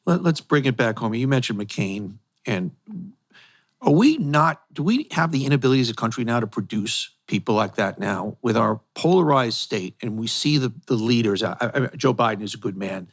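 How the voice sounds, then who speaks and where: American man, interview host, halting questions, many restarts. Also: mid-range voice, lively intonation. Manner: halting, restarts, searching for words. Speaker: podcast host.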